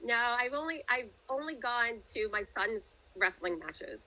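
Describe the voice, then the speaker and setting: A woman's voice: fairly high pitch, expressive, unhurried, bright, forceful tone, low-quality recording. A middle-aged woman, a guest author, chatting casually in a podcast interview with many hesitant fillers.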